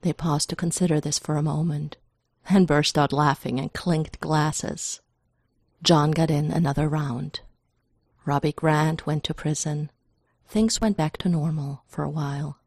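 Low, gravelly woman reading a story. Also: fairly even intonation, measured pace, darkish tone, no echo. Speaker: narrator. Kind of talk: audiobook reading of fiction.

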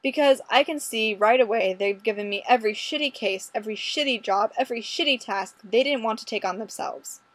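A woman's voice: on the high side, fairly quick, few pauses. A woman reading a first-person story aloud in a wry, conversational manner. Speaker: audiobook reader.

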